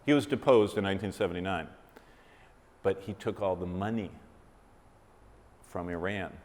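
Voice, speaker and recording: A man's voice: low voice, normal speed, darkish tone, a little hiss or hum. A man preaching a sermon, telling a story vividly and asking his listeners questions. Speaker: Bible teacher. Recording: reverberant hall.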